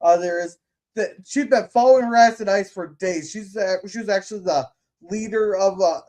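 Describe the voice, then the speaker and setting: A man's voice: sits high, normal speed, darkish tone. A man hosting a casual podcast, talking bluntly with lots of swearing and stumbling restarts. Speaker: podcast host. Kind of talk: casual opinionated chat.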